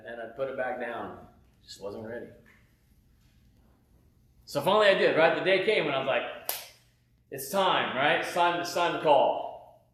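A man giving a casual, animated sermon testimony from home, often saying "man" and "right?". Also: fairly high pitch, roomy sound. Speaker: preacher.

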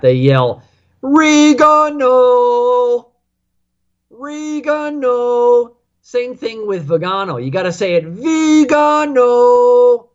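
A male radio talk show host speaking in an emphatic, preachy way and repeating himself to take calls. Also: fairly high pitch. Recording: muffled lo-fi radio audio.

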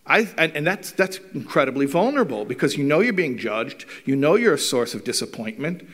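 A man's voice: a little high, fairly quick. A middle-aged man giving a talk to a live audience, telling stories with wry humour and acting out the dialogue. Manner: animated storyteller, acts out dialogue.

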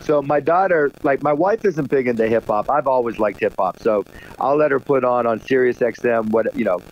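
A middle-aged man as a radio guest, telling stories in a lively, animated way and acting out quotes. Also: medium pitch, brisk. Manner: animated storyteller, acts out quotes, laughs often. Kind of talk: casual interview chat. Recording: dull lo-fi sound.

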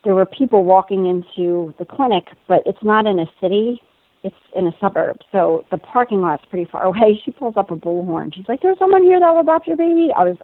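A woman in her thirties tells a personal story in lively conversation, laughing and acting out what others said. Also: on the low side, fairly quick, dry recording. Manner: animated, laughing, acts out quoted voices. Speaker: guest telling a personal story. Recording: tinny phone-like sound.

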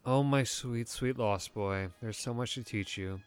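A man's voice: mid-range voice, unhurried, smooth, close to an everyday voice. A man voicing an eccentric, cryptic female vampire with a sing-song, motherly manner. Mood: dreamy, fond.

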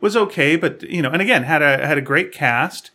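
Bright-voiced chatty podcast man. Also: on the high side, expressive, brisk. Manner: rambling, many fillers and restarts. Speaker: podcast co-host. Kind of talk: casual chat.

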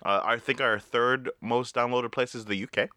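A man's voice: mid-range voice, fairly even intonation, normal speed, pushed and bright, no echo, clean studio sound. A young man hosting a podcast in casual chat, joking around, rambling and often laughing. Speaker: podcast host.

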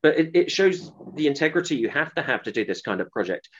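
Here is a man, somewhat higher-voiced than most, who recounts an episode earnestly and at length. He often stops and restarts mid-sentence. The recording sounds dull and lo-fi. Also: big pitch swings, fast, a little hiss or hum. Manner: earnest, rambling with restarts and acted quotes. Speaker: author guest. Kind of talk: interview storytelling.

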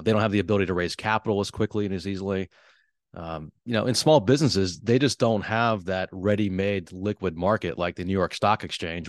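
A man who works as a wealth advisor, explaining business topics on a podcast in a measured, earnest way. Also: sits low, no echo, clean studio sound. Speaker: wealth advisor, show host.

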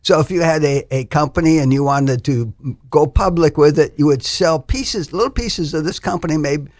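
A man's voice: fairly high pitch, normal speed, a little mellow, no room sound, clean studio sound. A man, a financial advisor on a radio show, who explains things plainly, with restarts and frequent chuckles. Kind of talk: casual radio chat.

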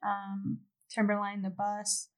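A woman's voice: medium pitch, slow, poor audio. Chatty woman telling stories with laughs. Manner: animated storytelling, laughs often, swears. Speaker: podcast guest. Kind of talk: casual chat.

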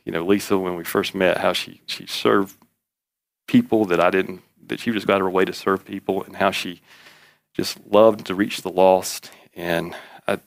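A middle-aged man delivers a sermon in a relaxed, folksy storytelling manner. He repeats his key lines for emphasis, in a voice that sits on the low side. The sound is close and dry. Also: moderate pace, gravelly, no room sound. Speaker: pastor.

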